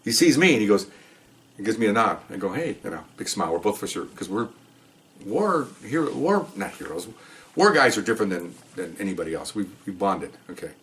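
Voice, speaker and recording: A man's voice: fairly low pitch, lively intonation, quick pace, a bit bright. An older man, a police officer, telling rambling stories in casual chat and often checking in with "okay?". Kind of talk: casual storytelling.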